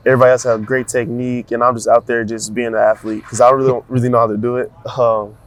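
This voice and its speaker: A young man, a college football player, answering interview questions in a soft-spoken, halting way with many fillers and restarts. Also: medium pitch, little pitch movement. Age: young adult. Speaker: college football cornerback guest.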